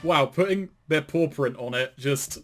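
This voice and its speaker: A fairly high-pitched man riffing through a commentary recording, reading text aloud and tearing into it with dry, sardonic jabs and bursts of laughter. Faint music plays underneath. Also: a little slow, a bit bright. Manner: sardonic, swears and laughs often. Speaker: commentary co-host. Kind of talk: casual reading and mocking commentary.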